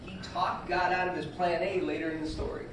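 A man in a study group speaking quietly and steadily, his voice fairly high for a man. He sits well away from the microphone, so the room's echo carries him. Clear background noise runs underneath. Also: level tone, brisk. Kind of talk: group discussion. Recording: distant, roomy, noisy background.

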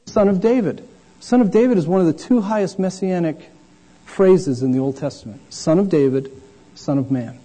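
Animated preacher with a soft, husky voice. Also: male voice, high-pitched, normal speed, rough recording. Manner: animated, acts out voices of the disciples and the blind man. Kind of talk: sermon.

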